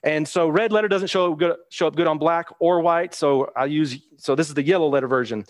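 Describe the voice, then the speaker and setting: Male preacher, slightly high voice, casual teaching sermon that mixes scripture reading with explanation. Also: brisk, few pauses. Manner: plain conversational teaching with restarts, reading scripture aloud.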